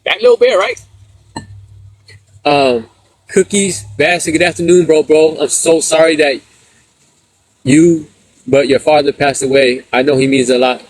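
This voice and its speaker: A man's voice: a little high, fairly even intonation, a little slow, long pauses, no room sound. A middle-aged man from San Diego, chatting on a live stream, reading out viewer comments and telling stories in street slang while laughing often. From San Diego, USA. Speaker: livestreamer reading chat. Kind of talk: casual live stream chat.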